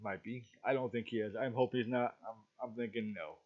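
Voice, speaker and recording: A man's voice: medium pitch, steady tone, a little fast. A middle-aged man reviewing a movie in a casual, rambling talk, often stopping to ask "okay?". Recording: dull lo-fi recording.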